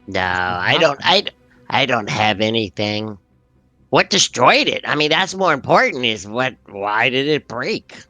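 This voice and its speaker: Bright, very lively player voice. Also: mid-range voice, unhurried, no echo, soft background music. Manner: playful, swings in tone. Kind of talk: casual tabletop play.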